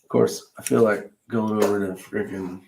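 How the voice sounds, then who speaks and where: A man's voice: fairly low pitch, fairly even intonation, moderate pace, creaky, darkish tone, a little hiss or hum. A man co-hosting a casual podcast, joking and teasing his co-host. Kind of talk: casual chat.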